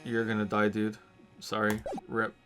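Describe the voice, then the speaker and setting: A man's voice: fairly low pitch, completely flat delivery, unhurried, over music. A man giving sarcastic, profane commentary while playing a game. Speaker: let's play host.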